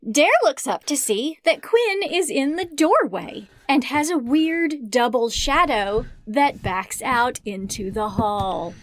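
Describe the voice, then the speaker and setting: A woman's voice: high voice, animated, slow, few pauses. A woman co-hosting a casual book podcast, chatty and joking, laughing often and swearing now and then. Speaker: podcast co-host.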